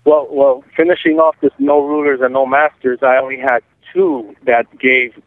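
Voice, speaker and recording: Male contributor calling in, mid-pitched, matter-of-fact delivery, thin and dry phone line sound. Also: steady tone, normal speed, no room sound. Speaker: radio show contributor reporting survey results. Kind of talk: casual on-air report.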